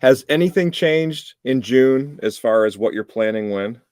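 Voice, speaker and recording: A man's voice: mid-range voice, animated, a little slow, a little mellow, dry recording, clean studio sound. A man in his fifties chatting on a video call, curious and asking his friends questions. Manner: curious, asks lots of questions. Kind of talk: casual chat.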